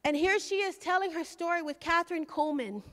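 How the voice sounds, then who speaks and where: A woman's voice: very high-pitched, a little fast, fairly bright tone, long reverb tail. A woman preaching a sermon, fervent and exhorting as she tells a story.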